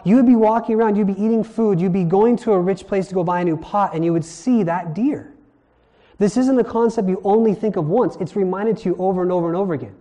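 Man, from Hawaii, sermon, chatty teaching tone, soft warm timbre. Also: high voice, fast. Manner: conversational teaching, asks the audience questions. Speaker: preacher.

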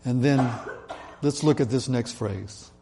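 A man preaching a sermon in an earnest way, slowing down and dropping his voice to stress key points. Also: mid-range voice, vocal fry, noisy background. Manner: earnest, slows and drops his voice for emphasis. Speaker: pastor.

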